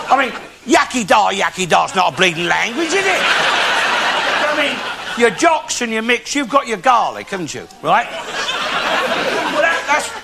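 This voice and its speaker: A blustering old Cockney bigot holds forth on stage with crude, opinionated rants, his voice pitched high and swinging wildly up and down. The old recording carries a heavy, loud hiss under every word. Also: gravelly, full character voice. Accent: London Cockney. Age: older. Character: bigoted loudmouthed old working-class Londoner. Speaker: comic character in a one-man stage show. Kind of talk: stand-up comic monologue with audience banter. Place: theatre stage before a live audience.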